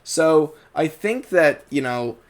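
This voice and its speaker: A man's voice: a little high, lively intonation, takes it slowly. A man with a General American accent, giving a rambling casual commentary as a YouTube reviewer, full of fillers and restarts. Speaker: YouTuber reviewing a cartoon dub.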